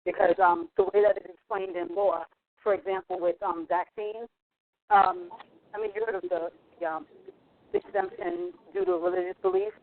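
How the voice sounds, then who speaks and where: A podcast co-host explaining a point in a measured way, pausing often on fillers. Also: medium pitch, lively intonation, no room sound. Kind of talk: casual podcast talk. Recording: tinny phone-like audio with faint hiss.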